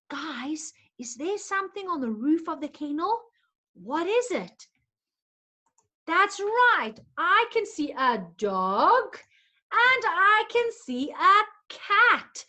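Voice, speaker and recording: A woman's voice: very high-pitched, pushed and bright. A woman teaching a lesson to young children in a coaxing, sing-song way, making animal sounds along the way.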